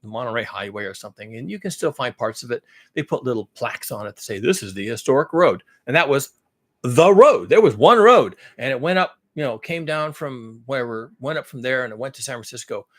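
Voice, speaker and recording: A man's voice: mid-range voice, animated, fairly quick. A man talking in a rambling, blunt monologue, listing things at length and repeating himself. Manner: blunt, swears now and then. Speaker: vlogger.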